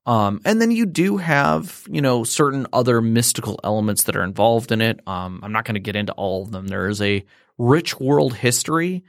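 A man's voice: mid-range voice, animated, normal speed, dry recording, clean studio sound. A man explaining a tabletop game system in casual chat, rambling with fillers and restarts.

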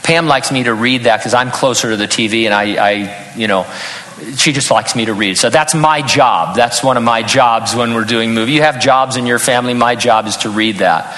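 A man's voice: medium pitch, normal speed, sharp tone. Older male pastor preaching in a hall. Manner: earnest preaching with humorous personal asides. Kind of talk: sermon.

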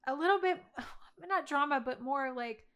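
A woman with a fairly high voice talks through a film review, chatty and effusive, her sentences running on with fillers. She sounds like a podcast co-host in easy conversation. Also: a little slow, fairly bright tone. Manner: chatty, gushing, lots of "like". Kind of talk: casual movie review chat.

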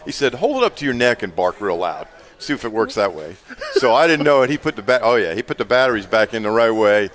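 A man's voice: lowish voice, sing-song, fast, fairly bright tone. A man, co-hosting a radio show and telling a funny story in casual chat, laughing often. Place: live remote broadcast at a store.

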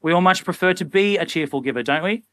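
A young man preaching a sermon in a casual, animated way, often acting out little everyday scenes. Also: fairly high pitch, fast, no echo. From Australia. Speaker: pastor.

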